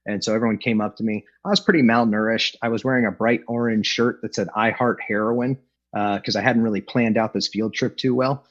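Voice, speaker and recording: Man from los angeles telling his aa story, wry jokes, does little voices, husky and kinda muffled video call audio. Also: on the low side, steady tone, fairly quick. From Los Angeles, California. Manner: wry, joking, acts out quoted voices. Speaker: AA speaker. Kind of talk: recovery meeting share, storytelling.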